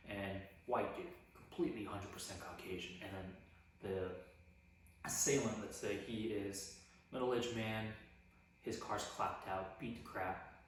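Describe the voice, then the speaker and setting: Low, flat-voiced man telling a story. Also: recorded from a distance, slight background noise. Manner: relaxed, rambling, frequent "like" fillers. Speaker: vlogger recounting a personal story. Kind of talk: casual spoken storytelling. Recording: echoey room, voice off mic.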